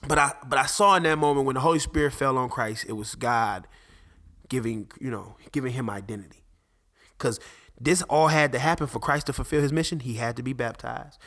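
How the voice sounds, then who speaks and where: A man hosting a podcast, talking casually about faith and fatherhood, animated, with many restarts. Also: mid-range voice, fairly quick. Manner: animated, restarts often, acts out conversations. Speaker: podcast host.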